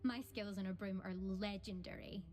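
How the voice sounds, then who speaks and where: A woman's voice: medium pitch, fairly even intonation, normal speed, darkish tone, lightly acted. An actress with a Scottish accent playing a boastful young female student flier in a video game, haughty and self-assured.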